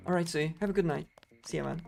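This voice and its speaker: A man's voice: fairly high pitch, fast, vocal fry. A man with a German accent, chatting casually to his audience in a rambling way while he livestreams a game. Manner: rambling, chatty, frequent "like" fillers. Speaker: speedrunner streamer. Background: game music.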